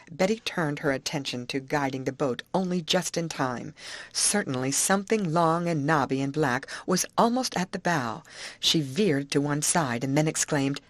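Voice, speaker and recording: Low-voiced woman narrating a storybook. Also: normal speed, no echo. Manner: expressive storytelling. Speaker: audiobook narrator. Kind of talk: audiobook reading.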